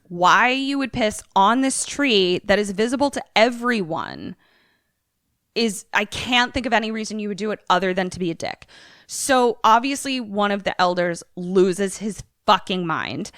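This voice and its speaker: A young woman podcast co-host recapping a movie in casual, animated, profane storytelling. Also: mid-range voice, measured pace, dry recording, studio quality.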